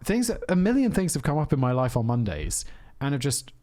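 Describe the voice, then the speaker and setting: A man chats loosely on a podcast, spinning a story in a rambling way. His pitch swings widely as he talks, and he laughs often as he goes. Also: big pitch swings, fairly quick, dark tone. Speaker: podcast host. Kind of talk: casual chat.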